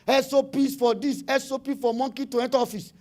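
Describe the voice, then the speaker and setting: At a business summit, a middle-aged Nigerian man gives an animated conference talk in a high, bright voice, keeping his tone steady and his pace brisk. He speaks emphatically, driving his points home through repetition, and now and then drops into pidgin phrases.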